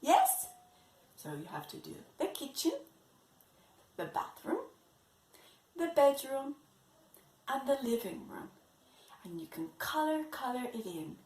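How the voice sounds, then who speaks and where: A woman teaching English to young children in an online lesson, slowly repeating words for them to copy. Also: high-pitched, very animated, a little mellow. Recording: echoey room.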